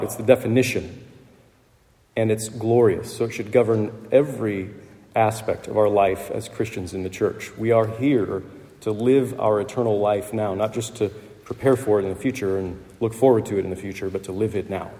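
Low-voiced male preacher in a reverberant hall. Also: steady tone, moderate pace, warm tone. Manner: conversational, with fillers and light laughs. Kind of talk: sermon.

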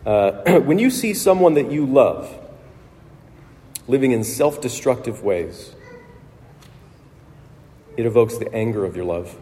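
A man's voice: medium pitch, animated, unhurried, pauses often, warm tone, long reverb tail. A man preaching a sermon as pastor, earnest and reflective, thinking aloud with restarts.

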